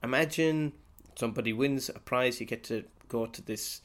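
A man voicing an eager woman pitching an ad idea to a car company. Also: moderate pace, fairly bright tone, natural voice.

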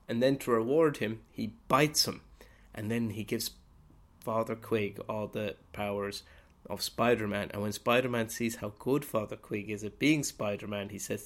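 Man, slightly low voice, comic priest monologue, rambling, sweary, loud outbursts. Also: a little slow. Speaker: podcast host.

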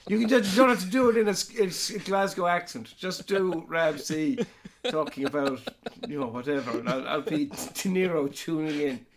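A man's voice: a little high, normal speed. A man hosting a casual comedic chat, teasing his guest with mock outrage. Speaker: host.

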